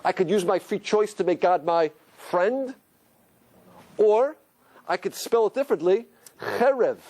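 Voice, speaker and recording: A man's voice: fairly high pitch, vocal fry. A man giving a lecture on Hebrew letters, asking his listeners question after question. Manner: questioning, rhetorical, animated. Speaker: Torah teacher.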